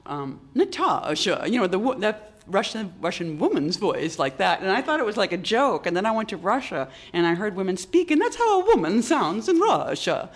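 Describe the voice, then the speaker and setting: An older poet from Boston, talking in a halting way with many restarts and strong emphasis. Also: mid-range voice, sing-song. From Boston, United States. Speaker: poet, interview guest. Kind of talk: reflective conversation.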